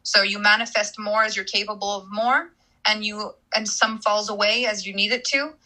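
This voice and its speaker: A woman coach hosts a live audio-room Q&A, speaking emphatically and repeating phrases to hammer her points home. Her very bright, piercing voice stays mid-pitch with little movement at a moderate pace, and the recording is rough.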